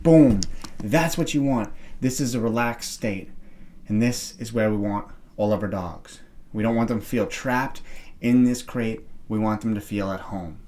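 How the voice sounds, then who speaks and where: A man's voice: fairly low pitch, warm tone. A man chatting to camera in a room at home, giving upbeat, earnest advice as a dog owner. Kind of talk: casual vlog talk to camera.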